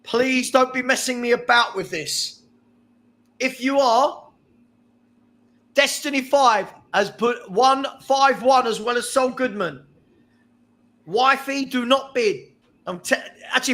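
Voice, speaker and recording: A man hosting a charity livestream auction, joking and laughing as he slowly calls out bids. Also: extremely high pitch, bright, forceful tone. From England. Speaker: charity stream host running an auction. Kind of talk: casual livestream chat, auctioneering.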